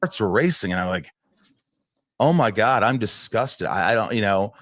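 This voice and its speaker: A man's voice: on the low side, animated, moderate pace, fairly bright tone, dry recording. A man telling a personal story in an interview, rambling and restarting often as he acts out what people said.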